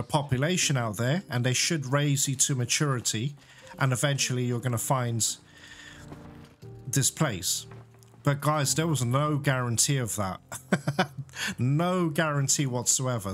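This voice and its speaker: A man giving casual, emotional gameplay commentary as a let's play host, talking straight to his viewers. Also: mid-range voice. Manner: chatty, emotional, keeps addressing viewers.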